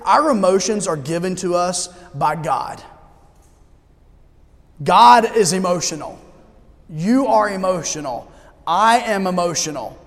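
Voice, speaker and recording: A man preaching a sermon as pastor in a church, talking conversationally with humor and slowing down for emphasis. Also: high voice, expressive, a bit bright, in a large hall. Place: church sanctuary.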